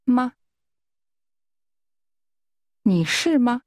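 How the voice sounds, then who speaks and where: A woman modeling pronunciation for a language lesson, saying words and phrases deliberately and clearly. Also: on the high side, lively intonation, darkish tone, dry recording, studio quality. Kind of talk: slow, careful model pronunciation.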